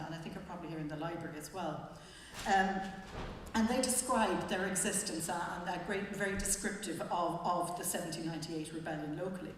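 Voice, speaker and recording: A woman with a Wexford Irish accent speaks at a fairly low pitch, chatty and wry, pausing often on little hesitations. Her voice rings through a very echoey hall with a long tail. A faint hiss sits underneath. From Wexford, Ireland. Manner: conversational and wry, with frequent hesitations. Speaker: panel speaker presenting a book. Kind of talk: public talk. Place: library event hall.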